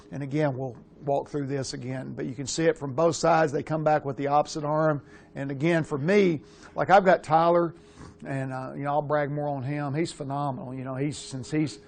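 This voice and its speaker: A man's voice: medium pitch, a little mellow. A man around sixty, a quarterback coach giving a casual, profane, rambling talk at a coaching clinic.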